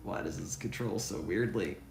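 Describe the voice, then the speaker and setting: Low gravelly guy mumbling through a retro game stream, kinda roomy echo, faint game music under it. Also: normal speed, a little mellow. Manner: rambling, self-deprecating, thinking aloud. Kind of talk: casual let's-play commentary. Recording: echoey room sound.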